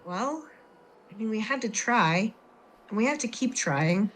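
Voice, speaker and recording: A woman's voice: fairly high pitch, expressive, measured pace, a bit bright, poor audio. Chatty woman playing a tabletop game. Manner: chatty and rambling, with many I means. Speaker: player.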